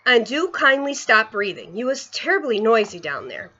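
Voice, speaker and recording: Brief: woman reading as a big excitable giant, rustic mangled grammar, raised voice, dull lo-fi sound. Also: fairly high pitch, normal speed, exaggerated voice. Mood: hushed, sharp. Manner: rustic, muddled grammar and invented words. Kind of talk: storybook read-aloud.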